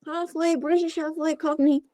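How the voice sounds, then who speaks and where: A woman's voice: sits high, little pitch movement, normal speed, mellow, no echo, voice pushed up, natural voice. A woman voicing a purple monster puppet in a halfway British, halfway Cockney voice that sounds like a grandmother. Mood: delighted. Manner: prim, old-fashioned phrasing.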